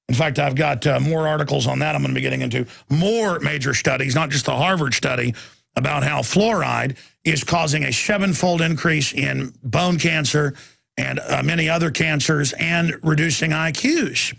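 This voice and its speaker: A man, hosting a talk radio show and ranting angrily about government spending, at times breaking into furious shouts. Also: a little high, moderate pace, vocal fry. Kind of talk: angry talk radio rant.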